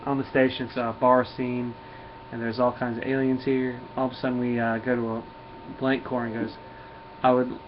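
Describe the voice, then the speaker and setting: A man with a Southern US accent reviews a comic casually and rambles through the plot with restarts. His voice sits at a middle pitch for a man. The recording is dull and lo-fi, with a faint hiss. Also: level tone, moderate pace.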